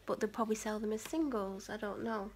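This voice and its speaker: A woman's voice: mid-range voice, fairly even intonation, a little fast, darkish tone, slight background noise. A woman vlogger talking casually to the camera, rambling with many fillers and restarts.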